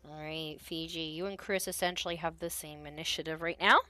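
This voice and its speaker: A woman's voice: sits low, fairly even intonation, fairly quick, sharp tone, dry recording. A woman narrating a tabletop game as game master in a casual, rambling way. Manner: casual, lots of fillers.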